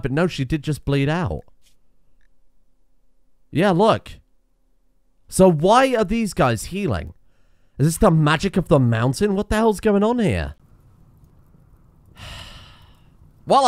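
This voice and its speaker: A young man giving casual, excitable let's-play commentary, swearing and laughing at in-game disasters. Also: a little high, no echo, clean studio sound. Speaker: gaming video host.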